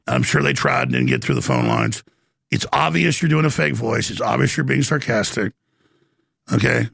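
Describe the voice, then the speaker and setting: A middle-aged man hosting call-in talk radio, intense and quick, repeating himself. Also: mid-range voice, gravelly, a bit bright, slightly rough, no echo, studio quality. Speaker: radio talk show host.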